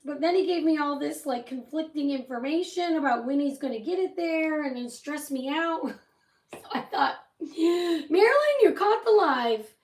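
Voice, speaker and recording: A woman's voice: high-pitched, normal speed, far from the mic. A woman hosting a casual crafting livestream, telling a rambling story with lots of asides while she paints. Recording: roomy echo, voice set back from the mic.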